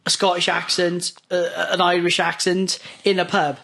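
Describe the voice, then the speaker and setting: A man's voice: high-pitched, completely flat delivery, normal speed, vocal fry, sharp tone, a little hiss or hum. A man co-hosting a casual podcast chat, agreeable, often tagging his points with a question. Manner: agreeable, tags questions with "isn't it?". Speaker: podcast co-host.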